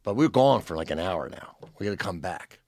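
A man's voice: low-pitched, a little fast, no room sound, clean studio sound. A man in his sixties, a comedian guest on a podcast, telling a long story in casual chat and acting out the lines of people in it. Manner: animated storyteller, acts out quotes.

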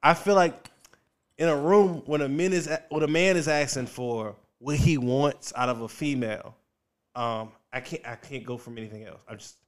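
A man's voice: mid-range voice, moderate pace. Rambling, laughing young man on a podcast. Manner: rambling, laughs often, uses fillers. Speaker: podcast guest, comedian. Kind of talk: casual podcast chat.

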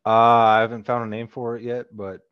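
A man's voice: mid-range voice, completely flat delivery, brisk, clear, resonant tone, dry recording. A man joining a podcast as a guest over a headset, swearing a lot and laughing in casual banter. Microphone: headset on an online call. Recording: dry, slightly dull headset audio.

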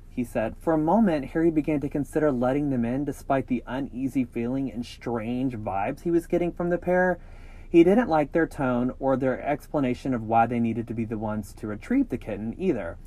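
A man's voice: mid-range voice, a little fast. Jokey man reading scary tales with laughs. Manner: jokey, animated, breaks into laughter and cheeky asides. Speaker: podcast co-host. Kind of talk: reading scary stories with chatty asides.

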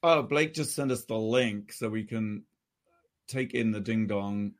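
A man's voice: fairly low pitch, unhurried. A man co-hosting a radio talk show, chatting in a wry, playful way. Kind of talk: casual chat.

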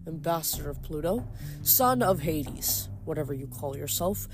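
A woman voicing a big, stern young male Roman centurion in a storybook reading, in a flat, blunt, official tone. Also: low voice, moderate pace, music in the background.

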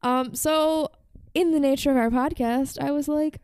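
A woman's voice: high-pitched, fairly even intonation, moderate pace, a little mellow, dry recording. A woman hosting a podcast, telling a story in casual chat with lots of "like" fillers. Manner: chatty, frequent "like" fillers. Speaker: podcast host.

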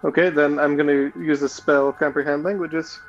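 A man's voice: on the high side, level tone, normal speed, highs cut off, soft background music. A man playing a tabletop game, asking questions and reasoning aloud about clues. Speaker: player.

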